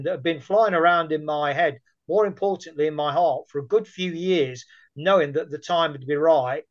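Chatty man, muffled audio. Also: on the high side. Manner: chatty, anecdotal storyteller. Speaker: guest. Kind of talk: casual conversation.

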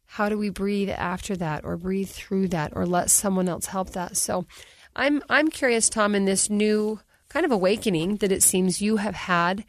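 A woman's voice: medium pitch, normal speed, no room sound. Candid woman podcast host, dry studio sound. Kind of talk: podcast conversation. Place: recording studio.

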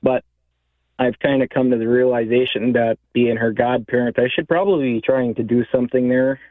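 A man calling in to a radio show, speaking hesitantly with many pauses and fillers. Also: mid-range voice, fairly even intonation, no echo. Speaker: caller. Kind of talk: phone-in conversation. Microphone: telephone. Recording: tinny phone line.

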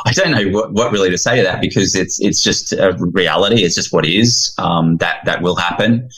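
A man speaking as a guest in an interview, heartfelt and earnest, animated when he retells scenes. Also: deep voice, normal speed, low-quality recording. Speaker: guest, founder of a fathers' ministry.

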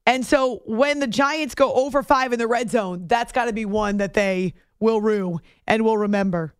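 A woman's voice: a little high, moderate pace, clean tone, dry recording, studio quality. A woman hosting a late-night sports radio show, talking casually with sarcastic, self-mocking asides. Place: radio studio. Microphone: studio microphone.

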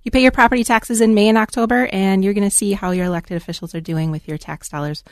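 A woman school board member speaking as a guest on a radio talk show in a studio, earnest and briskly informative. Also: medium pitch, fairly even intonation, dry recording. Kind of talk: radio interview.

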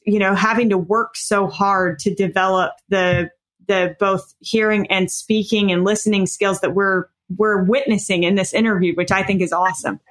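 A woman's voice: medium pitch, steady tone, moderate pace. A woman interviewer asking questions in an admiring, engaged way.

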